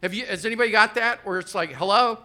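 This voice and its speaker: A man in his fifties works through a stand-up set on a club stage, talking into a handheld mic. His voice is high and very bright. He rambles in a loose, conversational way and drops in crude asides. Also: rapid-fire. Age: 50s. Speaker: stand-up comedian.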